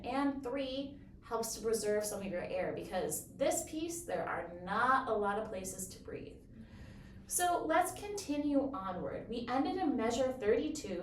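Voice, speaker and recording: Woman teaching bassoon in a roomy space. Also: a little hiss or hum. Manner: clear, encouraging, methodical. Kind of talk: instructional explanation. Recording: roomy echo, from a distance.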